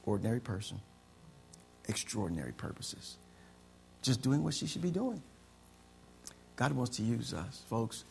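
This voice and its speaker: Male pastor preaching, gravelly mid-range voice, repeats lines as he builds up. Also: medium pitch, unhurried, pauses often, slight background noise. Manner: preaching with rising excitement, repeated phrases. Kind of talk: sermon.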